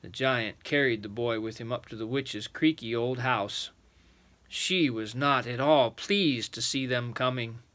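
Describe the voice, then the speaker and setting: An older man reading a children's bedtime story aloud as a lively grandfatherly storyteller. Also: mid-range voice, a little slow.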